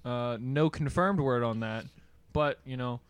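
A young man co-hosting a podcast, telling a rambling story in a laid-back way with deadpan asides. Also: medium pitch, measured pace, smooth, no echo. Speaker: podcast co-host. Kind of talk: casual storytelling.

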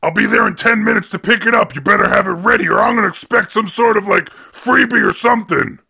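Man doing Big Bad Billy, gravelly rude bully. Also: sits high, quick pace, pushed and bright, pitched below the performer's own voice, exaggerated voice. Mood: pushy. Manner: insulting, taunting, pushy. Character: rude, mean-spirited adult bully guy. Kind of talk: comedy podcast sketch.

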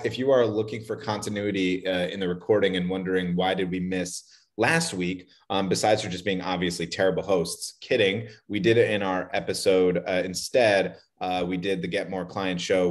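A man hosting a business podcast, upbeat and chatty, laughing easily with his co-host. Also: low voice. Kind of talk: casual podcast chat.

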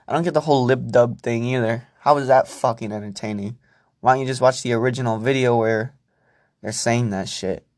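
A man's voice: mid-range voice, fairly quick, a little mellow. Young man, podcast host, casual solo rant, profane, rambling. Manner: profane, rambling, self-talking.

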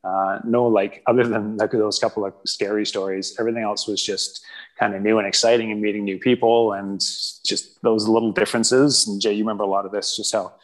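A man with a low, fairly flat voice looks back on old tours. He talks in a relaxed, rambling way, full of fillers and restarts. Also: fairly quick, poor audio. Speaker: band member recalling tours. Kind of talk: casual reminiscing.

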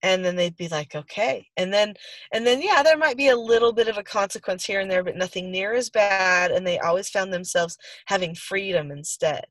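A woman's voice: medium pitch, normal speed, fairly bright tone, dry recording. Woman foster parent, earnest storyteller, medium voice, dry close sound. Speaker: foster parent and podcast co-host. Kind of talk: casual conversational talk.

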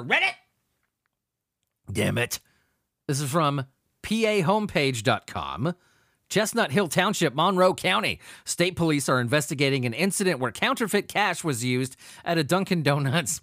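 A man's voice: fairly high pitch, sing-song, normal speed, fairly bright tone, no echo, clean studio sound. A man hosting a podcast, reading crime news aloud and ranting about it in a crude, laughing, profane way. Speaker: podcast host. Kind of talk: profane comedic news commentary.

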